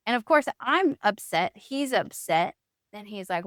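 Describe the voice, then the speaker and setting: Woman podcast host in her thirties, smooth clear voice, dry close sound, lively storyteller. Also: mid-range voice, a little slow, no echo. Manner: animated storyteller acting out quoted voices. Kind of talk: candid faith podcast storytelling.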